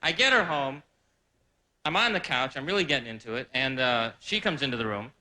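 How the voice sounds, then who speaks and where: A man's voice: medium pitch, fairly quick. A man doing a rambling, self-deprecating stand-up comedy set on a live stage, full of asides. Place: live stage before a laughing audience. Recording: noisy live recording.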